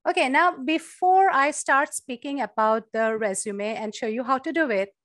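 A woman's voice: high-pitched, moderate pace, a bit bright, no echo, studio quality. A woman professor giving an online workshop, explaining at length with many uh and you know fillers. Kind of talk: online presentation. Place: virtual talk from home or office. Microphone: computer mic on video call.

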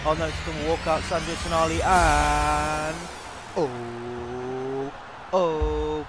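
A young man commentating over a video game pack opening, excitable and swearing freely, pleading with the game and yelping at reveals. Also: a little high, normal speed, noisy background. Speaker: gaming content creator.

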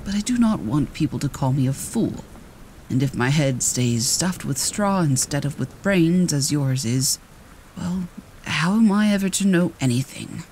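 Husky, gentle straw scarecrow, read by a man; slow and earnest storybook figure. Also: a little high, lively intonation, a little hiss or hum, low-quality recording. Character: friendly, humble male straw scarecrow.

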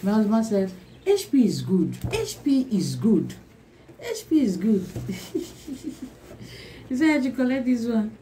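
A woman talks through an unboxing for her vlog, drawn out and slow. She gushes and says each exclamation again and again, laughing between phrases. A clear noisy hiss sits under the whole recording. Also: fairly high pitch, big pitch swings, warm tone. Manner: gushing, repeats exclamations over and over; laughs often between lines. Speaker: vlogger.

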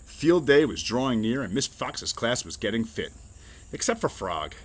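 Man reading a kids' picture book aloud, lively and expressive. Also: mid-range voice, normal speed, slight background noise. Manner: expressive, storytelling. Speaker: reader.

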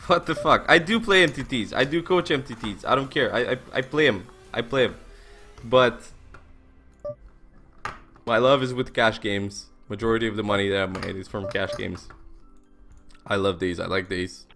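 Here a twenties-aged poker streamer talks at normal speed in a fairly low voice, pausing often over faint background music. His story comes out casual and excitable, full of fillers, swearing and laughter, as he chats live while playing.

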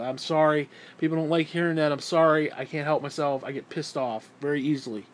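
A foul-mouthed man vents in a heated, sarcastic vlog rant about faith and politics. His voice sits a little high for a man, and he swings between shouting and muttering. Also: steady tone, brisk, hardly any pauses. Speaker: vlogger. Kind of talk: angry religious rant.

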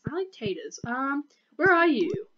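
A young Australian woman chats and guides her friend through a farming game, playful and easygoing. Her voice sits a bit high. The sound comes through a slightly dull, muffled home mic. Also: big pitch swings, measured pace, background noise. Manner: chatty, guiding, playful. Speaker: gaming channel host. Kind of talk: casual gameplay chat.

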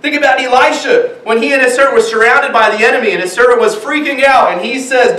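A man's voice: extremely high pitch, fast, few pauses, sharp tone. A man, father of young children, preaching a sermon with animation and acting out the voices of people in the stories. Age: young adult or middle-aged, father of young children. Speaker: pastor. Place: church sanctuary. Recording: echoey church room from far off.

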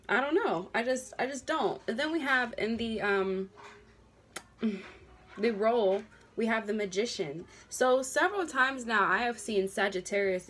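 A woman's voice: medium pitch, a little hiss or hum. A woman giving a casual tarot reading to camera from her home workstation, talking in a chatty way with lots of "okay?" checks. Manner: chatty, drawn-out words, frequent okays. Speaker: tarot reader. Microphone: desk camera at a workstation.

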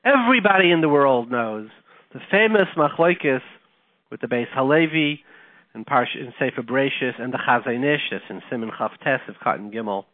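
A man hosting a Torah talk show, teaching with animated delivery and frequent Hebrew and Yiddish terms. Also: mid-range voice, moderate pace, no room sound. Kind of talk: Torah lecture with storytelling. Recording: tinny phone-like line, dry.

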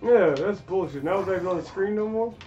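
Brief: foul-mouthed man commentating his own gameplay, animated voice, muffled audio. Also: high-pitched, fast, faint music behind. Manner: swearing, frustrated outbursts. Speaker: gamer.

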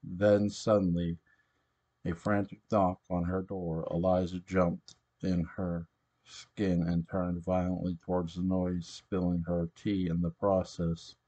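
A man reading a story aloud, unhurried, stopping now and then to correct his own slips. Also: low-pitched, flat delivery, dark tone, dull audio.

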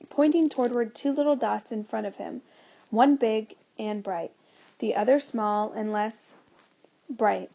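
A woman reads a children's novel aloud in a steady storytelling manner. Her voice is fairly high for a woman, with a gravelly edge. The tone is mellow and dark. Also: unhurried. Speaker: narrator. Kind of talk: audiobook reading of a children's novel.

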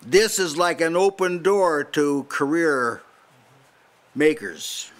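A man's voice: on the high side, lively intonation, slow. An older man preaching a sermon at a house church meeting, emphatic and challenging, often restarting his sentences.

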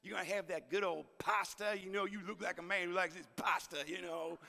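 A man voicing a nasal seventh-grade boy with a thick Southern drawl, teasing his teacher with rapid questions. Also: high voice, fairly even intonation, gravelly, pushed and bright, heavily acted. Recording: long hall reverb.

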